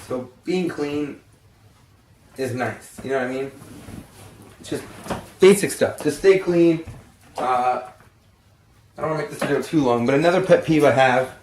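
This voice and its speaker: A tired young vlogger yawns through an unhurried, rambling chat full of fillers, swearing freely and speaking bluntly. His mid-range voice is a little mellow, with long pauses. He sits back from the mic in an echoey, roomy space with slight background noise.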